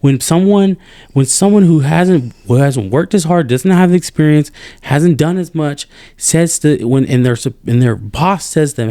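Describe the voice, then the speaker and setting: A man hosting a podcast, venting in an animated, exasperated way with many restarts. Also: fairly high pitch, normal speed, no room sound, clean studio sound. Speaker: podcast host. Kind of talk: casual chat.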